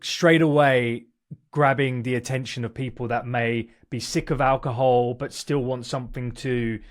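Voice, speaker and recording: A man co-hosting a casual chat about ads, animated and prone to restarts. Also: medium pitch, moderate pace. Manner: animated, restarting, laughing easily. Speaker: co-host.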